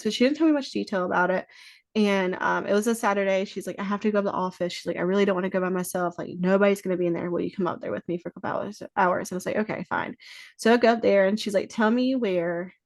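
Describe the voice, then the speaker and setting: A woman's voice: mid-range voice, fairly even intonation, fast talker, gravelly, no echo. A woman guest on a podcast, telling stories in a casual chat, swearing freely and acting out what people said. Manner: swears freely, acts out quoted dialogue.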